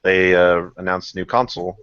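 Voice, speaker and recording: A man's voice: deep voice, steady tone, fairly quick, a bit bright, smooth. A young man hosting a casual podcast, rambling through stories with lots of fillers and frequent laughter. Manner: laughs often, rambling storyteller with many fillers. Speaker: podcast host. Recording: muffled lo-fi podcast audio.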